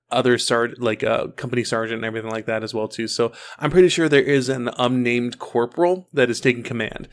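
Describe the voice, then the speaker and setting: A young adult man co-hosting a podcast, chatting casually and rambling a bit. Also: medium pitch. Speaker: podcast co-host. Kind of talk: casual chat.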